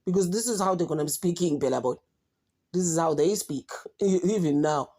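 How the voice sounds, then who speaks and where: A woman's voice: low-pitched, fast, dark tone. A South African woman giving outspoken, exasperated commentary, mixing English and Zulu in a casual chat. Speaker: commentary vlogger.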